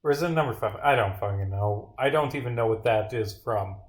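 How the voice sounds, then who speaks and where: A man's voice: mid-range voice, a little fast. Sarcastic young man streaming, echoey room. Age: young adult. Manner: rambling, sarcastic, profane. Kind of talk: casual livestream commentary while gaming.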